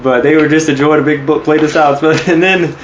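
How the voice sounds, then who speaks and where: A man co-hosting a wrestling podcast in casual chat, recapping events in a relaxed, measured way. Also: fairly high pitch, roomy sound, lo-fi sound, a little hiss or hum. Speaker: podcast co-host.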